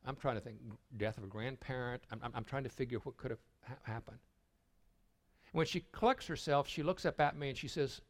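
An older man giving a sermon at a retreat, telling stories and stumbling over repeated words as he begins a thought, sometimes dropping to a hushed voice. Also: medium pitch, a little fast. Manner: storytelling, dropping to a hushed voice for tender moments. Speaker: retreat speaker.

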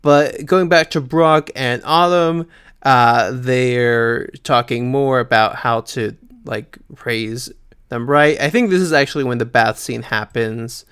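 A man co-hosting a podcast in casual chat, chatty, filling pauses with ums and often laughing. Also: medium pitch, fairly bright tone, clean tone. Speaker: podcast co-host.

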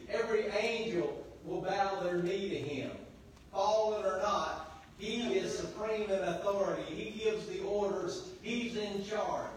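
A man, a pastor, preaching a sermon with call-and-response to the congregation, swinging between quiet and loud passages. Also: sits high, recorded from a distance, a little hiss or hum. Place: church sanctuary. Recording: very echoey church hall, voice from afar.

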